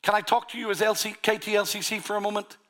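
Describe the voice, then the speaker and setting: A man's voice: high-pitched, flat delivery, fast, fairly bright tone. A man preaching a sermon, earnest and full of rhetorical questions. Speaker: pastor.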